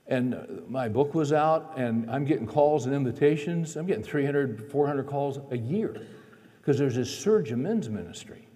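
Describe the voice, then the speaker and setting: A man preaching a sermon, telling a personal story in an animated way, his voice climbing as he acts out his frustration. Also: medium pitch, big-room sound.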